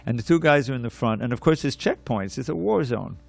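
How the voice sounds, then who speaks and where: A man giving a scripture class, telling a story in an animated way, repeating words and restarting his sentences. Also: medium pitch, a little fast, vocal fry, no echo.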